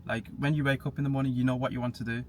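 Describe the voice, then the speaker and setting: With rapid-fire speech and a flat, medium-pitched delivery, a young man talks casually as a guest on a podcast. He's plainspoken and sometimes laughs at himself, and a faint hiss sits under the recording.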